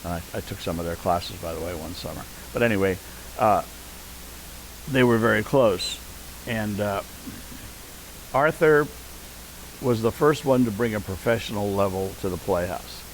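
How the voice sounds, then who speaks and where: A man's voice: fairly low pitch, moderate pace, pauses often, a little hiss or hum, low-quality recording. An older man, an interview guest and veteran community theater actor, reminiscing in conversation and perking up when he quotes people. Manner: anecdotal, animated when quoting people.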